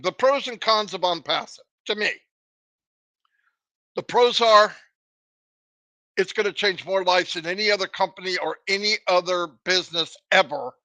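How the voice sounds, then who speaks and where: A man's voice: sits high, sharp tone, no room sound. A man giving a live motivational talk, emphatic and full of rhetorical questions. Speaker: motivational speaker.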